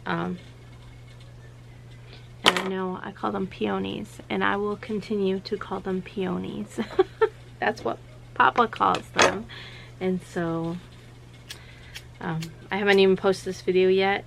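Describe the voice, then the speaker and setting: A woman hosting a casual vlog, talking in a chatty, rambling way and acting out quotes in a high voice. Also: creaky, background noise. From South Carolina, US. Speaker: channel host. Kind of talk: casual chat to camera.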